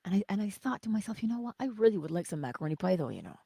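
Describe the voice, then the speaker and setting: A middle-aged woman hosting a casual spiritual livestream, chatting with viewers, telling stories and often dropping into soft whispers. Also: medium pitch, big pitch swings, racing, creaky, husky, dry recording. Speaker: host of a morning livestream.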